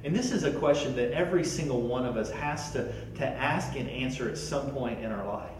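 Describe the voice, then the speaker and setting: Animated pastor in an echoey hall. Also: male voice, mid-range voice, fairly quick, far from the mic, slight background noise. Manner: animated, repeats words when starting sentences. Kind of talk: sermon.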